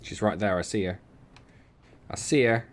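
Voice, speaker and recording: A gaming streamer from England's West Country, with the matching accent, talks at normal speed in a lowish voice, with a little hiss or hum on the recording. He chats and jokes casually as he streams a game, laughing often.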